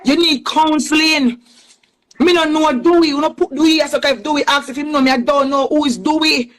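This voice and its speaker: A woman's voice: high voice, steady tone, a little fast, poor audio. A woman from Clarendon with a Jamaican accent, delivering a heated, defiant social media rant and repeating herself for emphasis. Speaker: accused woman responding.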